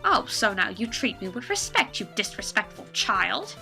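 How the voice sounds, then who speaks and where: A woman's voice: medium pitch, very animated, moderate pace, creaky, sharp tone, soft background music, exaggerated voice. A woman voicing a haughty, nosy old female guard in a game, talking in a pompous, scolding way.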